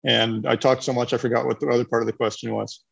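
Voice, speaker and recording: A man's voice: mid-range voice, little pitch movement, fast, gravelly, a bit bright, husky, lo-fi sound. A man from Canada answering questions casually in a webinar, rambling with many restarts. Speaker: eco village developer.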